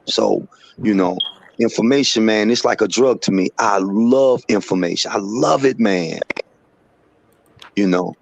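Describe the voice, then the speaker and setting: A man's voice: on the low side, measured pace, vocal fry, pauses often, slight background noise. A man in casual live-stream chat who talks in an earnest, rambling, somewhat preachy way. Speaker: co-host.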